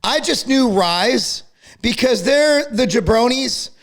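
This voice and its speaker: A middle-aged man ranting to camera about a feud, angry, profane and worked up to the point of yelling. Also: very high-pitched, lively intonation, slow. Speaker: fitness company owner and channel host.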